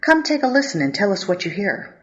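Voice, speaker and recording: A woman voicing a tiny, very old mother superior with a brisk, matter-of-fact manner. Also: mid-range voice, big pitch swings, pitched above the performer's own voice, natural voice. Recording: dull lo-fi audio.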